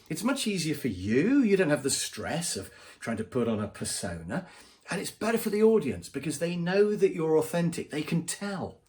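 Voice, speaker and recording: A man's voice: on the high side, a little mellow. A man, a business trainer, giving advice straight to camera in a conversational way. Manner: conversational, acts out quoted voices. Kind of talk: direct-to-camera advice vlog.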